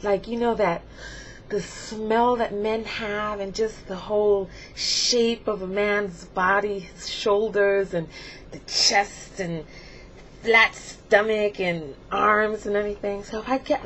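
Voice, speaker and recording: A woman vlogger rambling and giggling through a comedic confession, animated and chatty. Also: mid-range voice, unhurried. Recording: slightly dull home video, faint hiss.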